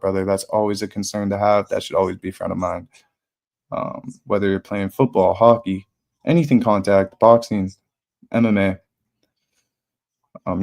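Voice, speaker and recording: A man's voice: lowish voice, darkish tone. A young man hosting a live fight watch party, talking casually and bluntly with slang and swearing. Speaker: livestream host.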